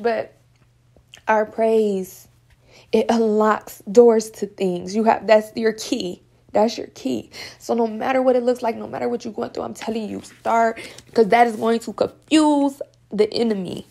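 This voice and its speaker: A woman's voice: fairly high pitch, steady tone, a little slow, creaky, mellow. A woman in her own talk giving earnest, emotional spiritual encouragement. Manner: earnest, repetitive, emotional, sometimes near tears. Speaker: online Christian speaker.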